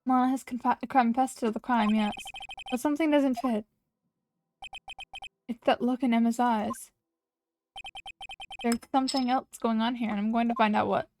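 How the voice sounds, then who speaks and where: A woman's voice: on the high side, fairly even intonation, moderate pace, long pauses, darkish tone, lightly acted. Woman reading a puzzled young lawyer. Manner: plain, questioning. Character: young male defense attorney, puzzled. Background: game music.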